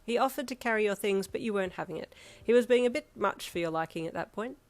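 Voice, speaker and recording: A woman's voice: medium pitch, dry recording. A woman narrating a second-person fan fiction story in a casual storytelling manner.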